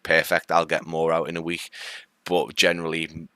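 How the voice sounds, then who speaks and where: A man with a low voice and a light Liverpool accent chats on a live stream, rambling through fillers and restarts as he greets viewers and answers comments. His tone is bright and clear, and the sound is dry and close. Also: completely flat delivery, moderate pace, no room sound. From Liverpool, England.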